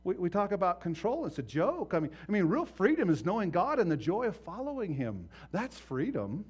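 A man preaching a sermon as pastor, impassioned and swinging from hushed to loud, acting out voices in his stories. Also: high-pitched, huge pitch swings, fairly quick, few pauses, husky.

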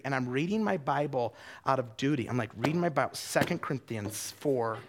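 This middle-aged itinerant preacher speaks briskly with few pauses, his voice medium in pitch. His animated sermon shifts from gentle, quiet moments to loud ones, and he frequently restarts phrases.

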